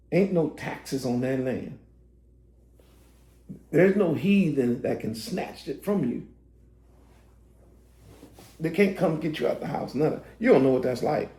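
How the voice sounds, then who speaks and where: A man preaching a sermon to online viewers, his voice going hoarse, building to emphatic, shouted preaching. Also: fairly high pitch, animated, measured pace, long pauses, echoey room. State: voice getting hoarse.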